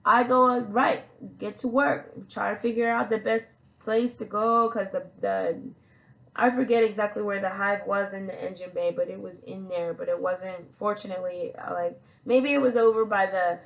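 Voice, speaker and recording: A woman's voice: medium pitch, fairly even intonation, moderate pace, vocal fry, a bit bright, highs cut off. A woman hosting a podcast, telling a personal story in a rambling, chatty way and calling herself "your girl". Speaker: podcast host.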